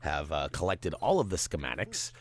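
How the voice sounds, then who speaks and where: A man's voice: rumbling low, sing-song, moderate pace. A man hosting a video game walkthrough, giving tips in a playful, jokey way with goofy asides. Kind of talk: gameplay commentary.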